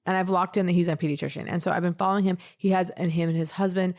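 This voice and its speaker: A woman's voice: lowish voice, racing. A woman in her thirties co-hosting a podcast, telling a long rambling story in casual chat and acting out what people said. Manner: animated, rambling, acts out quotes. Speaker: podcast co-host.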